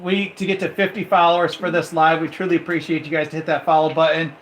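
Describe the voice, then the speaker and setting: A man hosts a casual live stream from home, his voice sitting a little high for a man. He chats directly to viewers and keeps reading their comments aloud, recorded on a handheld phone with a faint hiss behind him. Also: level tone, quick pace, fairly bright tone, low-quality recording. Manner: chatty, talks straight to viewers and reads their comments aloud. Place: at home indoors. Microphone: phone held in hand.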